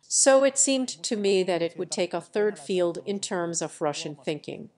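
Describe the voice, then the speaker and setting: A woman reading a translated lecture transcript aloud in an even, measured way, announcing each question and answer. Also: on the low side.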